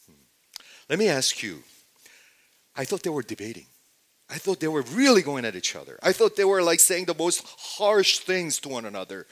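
A man preaching a sermon, moving between loud emphatic stretches and hushed near-whispers, and putting rhetorical questions to his listeners. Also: fairly high pitch, sing-song, normal speed, low-quality recording. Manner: asks the audience rhetorical questions. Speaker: pastor.

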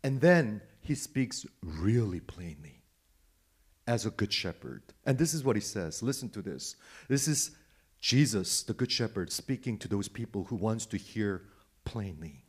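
A male pastor preaching a sermon, repeating phrases and asking rhetorical questions, rising to loud emphatic peaks and dropping to hushed quiet lines. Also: fairly low pitch, expressive, measured pace, husky. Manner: swings from loud emphatic rises to soft hushed drops.

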